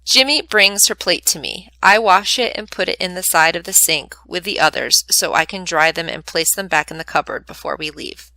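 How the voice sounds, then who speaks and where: Woman librarian reading aloud, bright, dry close sound. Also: on the low side, normal speed, hardly any pauses, no echo, low-quality recording.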